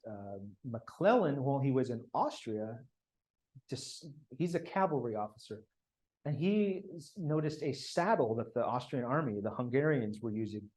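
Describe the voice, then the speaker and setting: A male speaker delivers a history lecture in a casual storytelling way. He restarts sentences and drops in asides, his voice sitting at an ordinary middle pitch. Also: a little mellow, rough recording.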